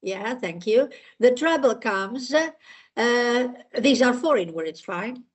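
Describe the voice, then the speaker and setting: Slow-speaking woman teaching pronunciation. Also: fairly high pitch, animated, breathy edge. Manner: patient, explains with many pauses and fillers. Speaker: language teacher. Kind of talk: online language lesson with repeat-after-me drills.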